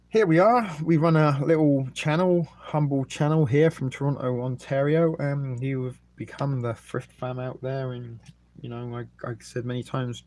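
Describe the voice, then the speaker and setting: A middle-aged man with an English accent, casually hosting a live stream, reading out viewer comments and rambling between jokes and filler words while he eats. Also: medium pitch. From England. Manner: rambling and jokey, with many ums, eating and burping between remarks. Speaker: livestream host.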